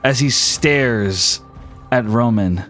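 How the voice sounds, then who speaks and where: A man's voice: mid-range voice, takes it slowly, a bit bright, faint music behind. A man narrating a tabletop game as game master, dramatically describing scenes.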